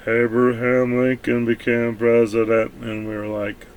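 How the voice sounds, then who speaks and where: A man's voice: fairly low pitch, little pitch movement, measured pace, vocal fry, few pauses. A man from the United States talking bluntly and offhandedly in a rambling, profane vlog monologue. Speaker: vlogger.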